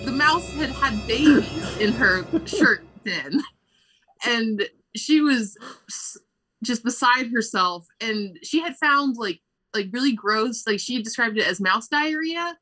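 A woman in casual conversation, telling a camp story with lively acted-out quotes and frequent "like" fillers. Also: fairly high pitch, slow pace, soft background music. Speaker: camp staff member. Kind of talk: animated storytelling.

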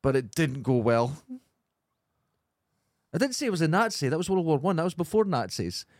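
A man co-hosting a podcast, telling sweary anecdotes in a casual, animated way. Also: fairly high pitch, normal speed, no room sound, studio quality. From Scotland. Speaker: podcast co-host. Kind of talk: casual chat, storytelling.

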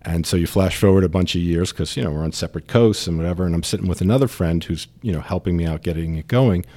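Deep-voiced New York man, mellow. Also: fast. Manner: chatty storyteller, many fillers and restarts. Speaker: distillery founder, guest. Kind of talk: casual interview chat.

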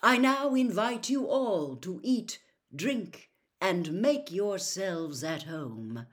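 A woman voicing a wise old male headmaster who gives a slow, stately welcome. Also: mid-range voice, animated.

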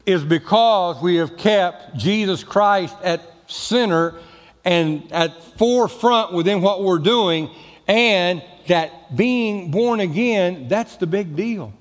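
A man's voice: high voice, takes it slowly. Folksy preaching man in reverberant church. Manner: folksy, emphatic preaching with jokes. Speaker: pastor. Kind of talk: sermon. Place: church sanctuary.

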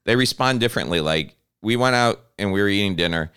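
A man in his thirties co-hosting a podcast, telling a story in casual chat with lots of swearing and animated delivery. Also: lowish voice, fast talker, clear, resonant tone. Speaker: podcast co-host.

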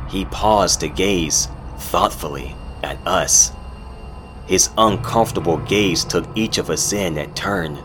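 Man, horror narrator, deep voice, slow, dramatic, music underneath. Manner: measured, dramatic storytelling. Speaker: narrator and host.

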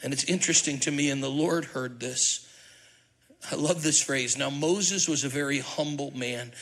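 A middle-aged man, lead pastor, preaching a sermon with animated, humorous storytelling and questions to the congregation. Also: mid-range voice, normal speed, poor audio.

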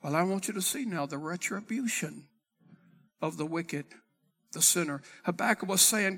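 A man's voice: sits high, normal speed, fairly bright tone, in a large hall. A man preaching a sermon as pastor, acting out Bible conversations and reading scripture in old-fashioned wording. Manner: dramatic preaching, acting out dialogue with God.

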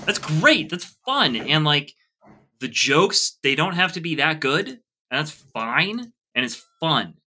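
Lively, very bright-voiced man. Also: fairly high pitch, slow pace. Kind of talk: casual movie discussion.

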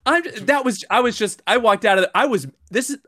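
A man's voice: extremely high pitch, brisk, no echo, clean studio sound. A man in his thirties co-hosting a podcast, telling a story in casual chat and getting worked up as he goes. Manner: animated storytelling, gets worked up. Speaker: podcast co-host.

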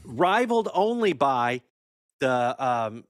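A man's voice: mid-range voice, slow pace, dry recording, clean studio sound. A man, a pastor co-hosting a podcast, chatting casually with wry humor. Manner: wry, deadpan jokes. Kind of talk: casual chat.

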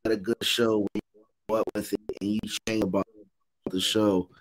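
Thirties male co-host, lowish voice, easygoing and calm. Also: a little fast, crowd noise. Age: 30s. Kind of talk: casual chat.

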